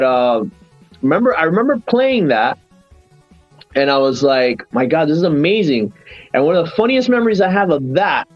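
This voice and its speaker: Podcast host, man, animated nostalgic storyteller, dry dull lo-fi sound. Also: fairly high pitch, dry recording. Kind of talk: casual podcast chat.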